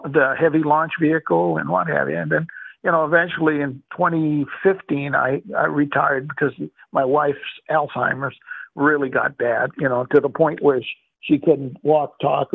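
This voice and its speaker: Gravelly older man, tinny phone-like sound. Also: a little high, no echo. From Boston. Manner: rambling, warm storytelling with many fillers. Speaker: interviewee. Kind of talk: oral history interview.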